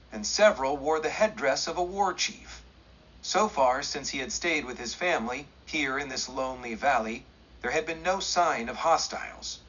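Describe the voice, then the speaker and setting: Husky guy reading a western audiobook, steady and measured, dull lo-fi sound. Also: medium pitch. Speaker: audiobook narrator.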